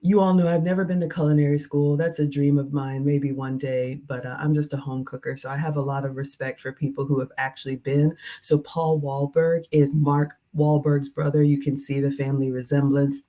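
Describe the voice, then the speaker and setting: A chatty woman in her forties hosts a casual livestream, reading out viewer comments and laughing at herself between thoughts. Her speaking voice sits low for a woman. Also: flat delivery, fairly quick, few pauses, mellow. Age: 40s. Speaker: livestream host reviewing a restaurant.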